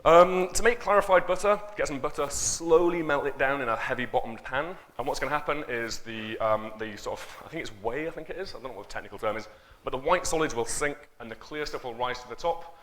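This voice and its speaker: A man speaks from a conference stage, loose and unscripted, joking with the crowd and filling pauses with ums. His voice is bright and forward, at a middle pitch. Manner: chatty, joking, many fillers. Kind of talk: off-the-cuff stage talk. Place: conference stage before an audience.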